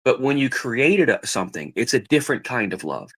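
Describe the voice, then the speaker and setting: This middle-aged man's medium-pitched voice is sing-song, brisk, and a bit bright. A podcast guest in casual chat, he tells family stories in a rambling, repetitive way, acting out the voices he quotes.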